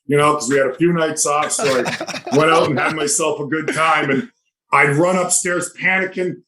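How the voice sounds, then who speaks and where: Animated older man telling hockey stories. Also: fairly high pitch, moderate pace, background noise. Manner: animated anecdotes, acts out quoted voices. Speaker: podcast guest. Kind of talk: casual storytelling.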